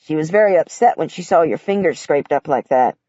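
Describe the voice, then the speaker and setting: A woman doing a quiet, weary dad. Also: expressive, fairly quick, no room sound, lo-fi sound. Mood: subdued. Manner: low, quiet, sighing. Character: tired, quiet grieving father.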